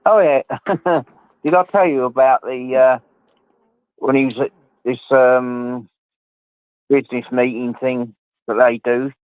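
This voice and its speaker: A man's voice: mid-range voice, fairly even intonation, slow pace, pauses often. Man chatting over a tinny phone line. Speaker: caller. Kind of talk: casual phone chat.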